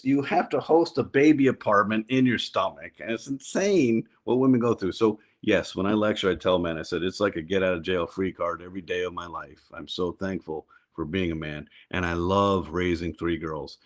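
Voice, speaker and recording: Middle-aged guy on a podcast, low deep voice, gets animated telling stories. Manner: animated, jumps up in pitch when telling stories. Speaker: podcast guest. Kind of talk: casual interview chat.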